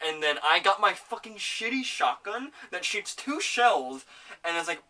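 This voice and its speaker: A man hosting a casual home podcast, rambling excitedly about a video game and swearing often. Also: fairly high pitch, moderate pace, recorded from a distance. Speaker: podcast host. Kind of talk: casual gaming chat.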